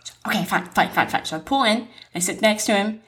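A young woman podcast co-host telling a dramatic story in a lively, animated way, swearing and laughing as she goes. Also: mid-range voice, fast.

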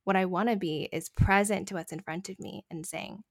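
A woman's voice: mid-range voice, steady tone, a little fast, creaky, dry recording, clean studio sound. A woman mediator talking as a podcast guest, earnest and emphatic, laughing now and then. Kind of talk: conversational interview.

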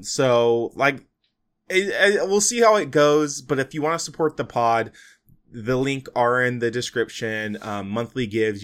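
A man's voice: medium pitch, fairly bright tone. A young man hosting a solo podcast, talking in a casual, rambling way full of "like" and "you know". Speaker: podcast host.

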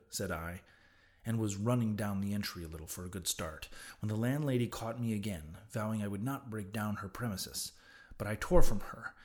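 A man narrating a classic novel in the first person, with a measured, dramatic reading. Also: on the low side, darkish tone. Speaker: audiobook narrator.

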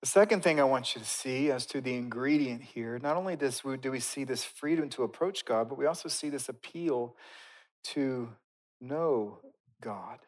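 Emphatic conversational male preacher. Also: mid-range voice. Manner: conversational and emphatic, swinging between loud bursts and quiet, drawn-out stresses. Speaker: pastor. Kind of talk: sermon.

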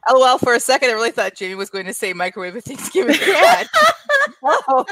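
A woman's voice: on the high side, sing-song, quick pace, a bit bright. A woman co-hosting a casual chat who reads listener comments and laughs often. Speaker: podcast co-host.

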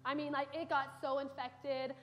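High-voiced young woman preaching. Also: little pitch movement, moderate pace, a bit bright. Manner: earnest storytelling with conversational fillers. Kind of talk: sermon. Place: church sanctuary.

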